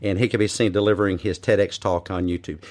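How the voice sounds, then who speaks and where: A man's voice: low-pitched, fairly even intonation, fast talker, darkish tone. A man hosting a podcast interview, upbeat and eager with playful banter. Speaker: podcast host.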